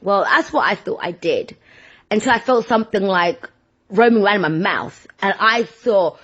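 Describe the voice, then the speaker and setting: A woman vlogger telling everyday stories in a rambling, animated, self-deprecating chat. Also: medium pitch, normal speed, husky. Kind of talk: casual chatty monologue. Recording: dull lo-fi sound.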